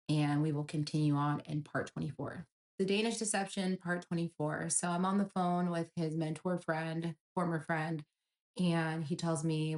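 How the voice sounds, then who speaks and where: A woman's voice: deep voice, steady tone, normal speed, darkish tone. A young woman from Nigeria earnestly recounting a personal story, full of quoted dialogue.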